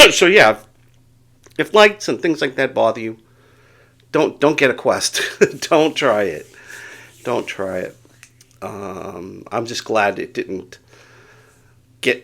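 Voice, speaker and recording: A man's voice: on the low side, bright, forceful tone. A middle-aged man vlogging casually, telling a rambling story with chuckles and self-deprecating asides while getting over a bout of dizziness. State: recovering from dizziness.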